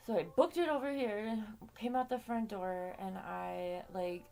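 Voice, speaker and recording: A woman's voice: medium pitch, a little slow, gravelly, a little mellow. A woman hosting her own vlog, telling a personal story in a casual, rambling way with frequent swearing and fillers. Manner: chatty, swears freely, many fillers. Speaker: vlog host.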